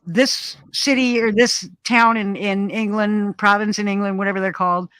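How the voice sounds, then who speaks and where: Bright, rambling woman in her sixties. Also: mid-range voice, steady tone, normal speed, no room sound. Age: 60s. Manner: rambling, laughs often. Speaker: live stream host. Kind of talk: casual chat.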